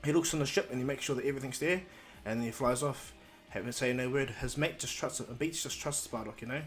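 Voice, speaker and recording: A man's voice: mid-range voice, fast, soft background music. Man rambling through a fan story. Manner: rambling, with many restarts, and quotes each character in the flow. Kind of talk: casual improvised fan story narration.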